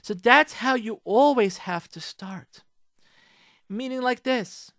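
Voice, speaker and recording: A radio host offering marriage advice speaks in a very high-pitched, fairly bright voice, taking his time. He talks emphatically, repeats his main points, addresses listeners directly, and sprinkles in Hebrew and Yiddish religious terms. The studio-quality recording has no echo.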